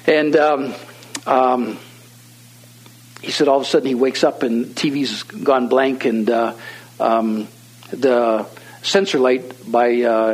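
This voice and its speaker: A man preaching with a husky, slightly breathy voice at an ordinary middle pitch. He tells a story in a loose, conversational way, full of fillers and restarts. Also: low-quality recording. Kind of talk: sermon storytelling.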